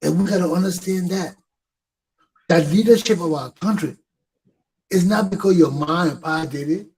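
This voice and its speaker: A middle-aged Liberian man hosts his talk show in a fiery, impassioned monologue. His voice sits fairly high with a husky, rough edge. He hammers his points home by repeating them and swearing. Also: moderate pace, darkish tone, rough recording. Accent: Liberian English.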